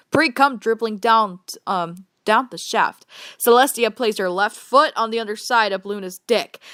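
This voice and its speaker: Woman reading cringey fanfic out loud, trips over words, high voice, dry sound. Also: dry recording. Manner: stumbles over words, bursts of disbelieving laughter. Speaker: fanfiction reader. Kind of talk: comedic read-aloud with reactions.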